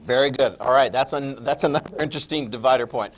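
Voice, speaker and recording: A man's voice: medium pitch, fast talker, slight background noise. A man teaching a history class, casual and joking, asking students questions. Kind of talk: classroom lecture.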